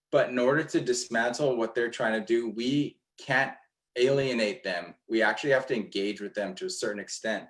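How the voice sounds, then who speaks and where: A man's voice: lowish voice, fairly bright tone, rough recording. Rambling man in a casual panel talk. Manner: rambling, with many restarts and fillers. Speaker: environmental activist.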